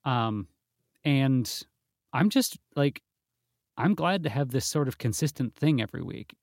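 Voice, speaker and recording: A man's voice: mid-range voice, lively intonation, measured pace, gravelly, no echo. Chatty self-deprecating man, dry sound. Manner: chatty, self-deprecating, many restarts and asides. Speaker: podcast co-host. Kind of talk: casual chat.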